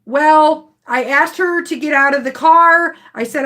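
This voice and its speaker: Female vlogger, high pitch, unhurried, aggrieved live stream storytelling. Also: bright, forceful tone. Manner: slow, upset storytelling to viewers. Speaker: rideshare driver vlogger.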